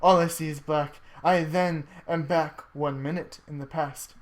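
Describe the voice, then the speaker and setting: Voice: mid-range voice, fairly even intonation, moderate pace, hardly any pauses. A casual reader reading a homemade adventure story aloud among friends, joking, swearing and tripping over the text.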